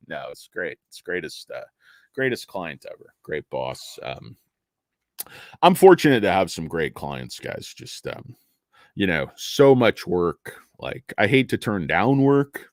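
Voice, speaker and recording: Rambling, joking man with a lively voice. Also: deep voice, measured pace, dry recording, studio quality. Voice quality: rambling, joking, self-deprecating. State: tired from lack of sleep. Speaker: stock market commentator host. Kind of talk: casual livestream talk.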